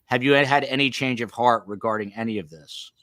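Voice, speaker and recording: A man's voice: mid-range voice, fairly quick, fairly bright tone, dry recording, clean studio sound. A middle-aged man from the Northeast United States hosting a podcast, chatty and feisty, full of rambling asides. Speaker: podcast host. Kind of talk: casual podcast chat.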